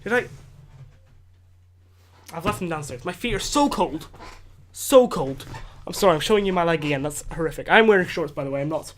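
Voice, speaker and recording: A Scottish man with a fairly high voice hosts his podcast from home, tired and rambling. He rants in a loose, casual way, circling back with fillers and false starts. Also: animated, a little fast, pauses often, fairly bright tone, slight background noise. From Scotland. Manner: rambling, with many fillers and restarts. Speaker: podcast host. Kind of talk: casual solo rant.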